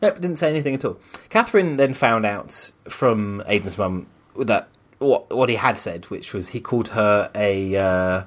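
A man's voice: lowish voice, lively intonation, normal speed. Male co-host, chatty anecdote teller, meandering delivery. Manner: rambling storyteller, many restarts, acts out quoted voices. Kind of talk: casual chat, telling an anecdote.

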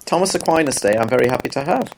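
A man co-hosting a podcast, chatting casually with dry, deadpan humor. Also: medium pitch, racing, gravelly, a little hiss or hum, rough recording. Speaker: podcast co-host. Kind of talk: casual chat.

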